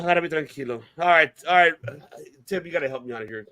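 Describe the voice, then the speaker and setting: Man ranting heatedly, slightly high voice. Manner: heated, profane ranting with quick swings in loudness. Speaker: podcast co-host. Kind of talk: casual wrestling debate.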